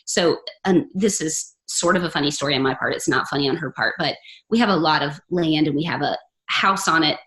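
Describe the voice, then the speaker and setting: A woman's voice: low voice, a little fast, fairly bright tone. A middle-aged woman, a podcast guest, telling personal stories in an earnest, chatty way and laughing often. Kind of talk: casual interview chat.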